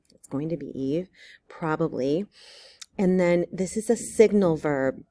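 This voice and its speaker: A woman teacher walking students through an essay outline step by step, encouraging and full of ums and quick check-ins. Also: deep voice, mellow. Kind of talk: recorded writing lesson walkthrough.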